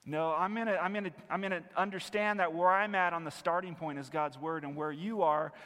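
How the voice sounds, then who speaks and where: Guy preaching, earnest, kinda high voice, repeats stuff for emphasis, echo rings on in a big hall. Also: steady tone, brisk, hardly any pauses. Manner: earnest, emphatic, repeats key phrases, swings from loud to quiet. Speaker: preacher and biblical counselor. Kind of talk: teaching sermon. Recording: long hall reverb.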